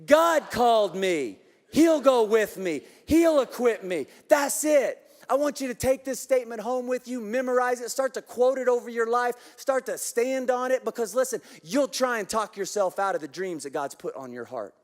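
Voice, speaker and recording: A passionate man preaches to a large church crowd, his voice pitched notably high. He leads the room in repeated call-and-response lines. Long reverb from the big auditorium trails each phrase. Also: normal speed, few pauses. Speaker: pastor. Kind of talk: sermon. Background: congregation in the room.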